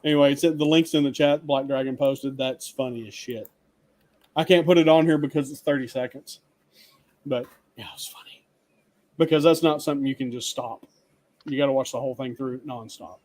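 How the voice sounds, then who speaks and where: A man's voice: medium pitch, fairly even intonation, normal speed, a little mellow, no echo. A man hosting a livestream in casual chat, joking and laughing often. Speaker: livestream host.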